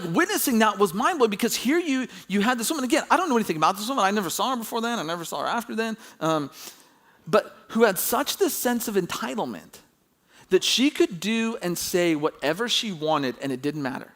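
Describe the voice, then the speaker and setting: A man delivers a sermon in a relaxed, chatty way, circling back over his words. His voice sits a little high for a man. He swells in pitch and volume when he drives his point home. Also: fairly quick. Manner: conversational storytelling with animated emphasis.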